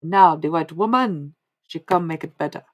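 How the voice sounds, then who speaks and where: A woman's voice: deep voice, moderate pace. A woman speaking as a channeled old male holy man, preaching in plain, broken phrases. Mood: solemn.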